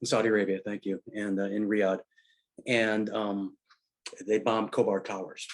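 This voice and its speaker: A middle-aged man and military veteran in casual conversation, telling stories in a halting way full of fillers and restarts. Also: fairly low pitch, flat delivery. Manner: rambling anecdotal storyteller.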